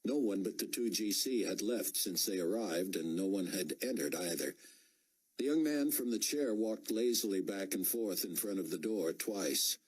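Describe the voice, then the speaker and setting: A man narrating an audiobook in a measured storytelling manner. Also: deep voice, animated, a little mellow, slightly rough, low-quality recording. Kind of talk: scripted narration.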